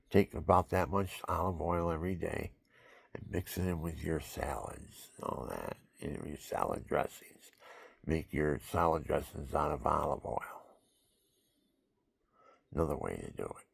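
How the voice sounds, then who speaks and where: Gravelly deep-voiced older man, rambling. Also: expressive, unhurried, darkish tone, no echo. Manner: rambling, folksy, counts aloud under breath. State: out of breath. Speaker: vlogger. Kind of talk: casual health talk to camera. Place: home, sitting on a couch.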